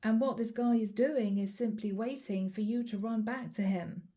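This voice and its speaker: In a warm, slightly high voice at normal speed, this European woman gives a chatty tarot reading to camera. She calls her viewers "guys" and acts out the lines she quotes.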